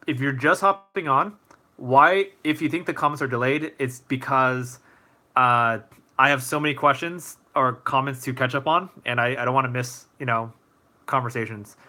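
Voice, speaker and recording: A man's voice: mid-range voice, moderate pace, pushed and bright. A man hosting a casual live-stream Q&A, chatty and easygoing, answering viewer comments with many fillers.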